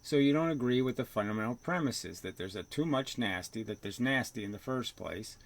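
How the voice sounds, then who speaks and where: A man's voice: medium pitch, expressive, fairly quick. A man giving a ranting video commentary, abrasive and mocking, swearing and scoffing with short laughs.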